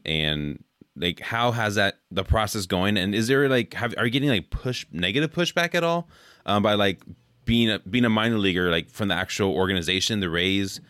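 A man hosting a casual podcast, asking loose, halting questions. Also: lowish voice, a bit bright, clear, resonant tone, dry recording, studio quality. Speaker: podcast host.

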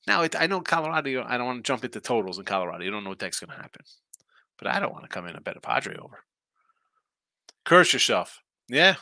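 A man hosts a casual live stream of sports picks, wandering from one game to the next and answering chat as he goes. His voice is bright and forceful at an average pitch. The sound is dry and close, with no room around it. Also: sing-song, fast talker, vocal fry, no room sound. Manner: rambling, thinking aloud, reacting to chat comments. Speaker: sports betting picks host.

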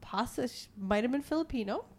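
A young woman telling stories in a casual chat, animated and laughing easily. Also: on the high side, fairly quick.

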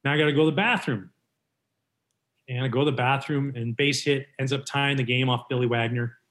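A man in his forties from Canada, a former pitcher telling a story in casual conversation with an animated, lively delivery. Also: fairly quick. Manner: animated, lively retelling with voiced quotes.

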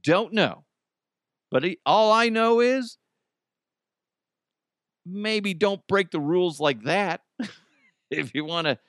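A man's voice: high-pitched, takes it slowly, long pauses, fairly bright tone, clean tone, no room sound. Guy doing a crude rambly comedy podcast, laughs at his own jokes, dry room. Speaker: podcast host. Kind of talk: casual comedic commentary.

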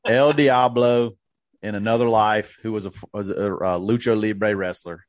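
A man co-hosting a casual podcast, animated and playful in banter. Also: lowish voice, a little slow, dry recording, highs cut off. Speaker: podcast co-host.

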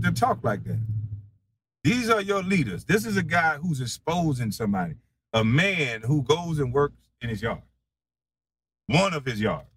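A man rants defiantly in loose, slang-heavy speech, his fairly high voice swinging widely from low mutters to sharp, loud jeers. He laughs with scorn between lines. A faint hum of room noise sits behind him. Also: very animated, moderate pace. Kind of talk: heated profane monologue.

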